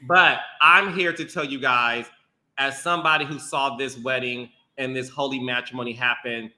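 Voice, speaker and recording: A man hosting a podcast, chatting playfully and laughing often, then turning slow and emotional. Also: medium pitch, steady tone, sharp tone, roomy sound. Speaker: podcast host. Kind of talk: casual chat.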